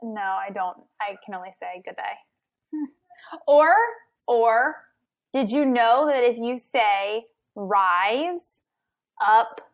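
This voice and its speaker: A young woman co-hosting a podcast, chatting playfully with quick laughs. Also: fairly high pitch. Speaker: podcast co-host. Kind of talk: casual chat.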